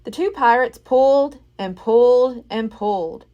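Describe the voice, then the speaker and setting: A woman reading a children's chapter book aloud as a library storyteller, expressive and unhurried. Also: fairly high pitch, lo-fi sound.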